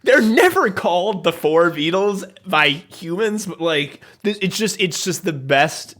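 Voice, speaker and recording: A man who is a guest on a casual podcast, talking in an animated, rambling way with many restarts. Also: high-pitched, measured pace.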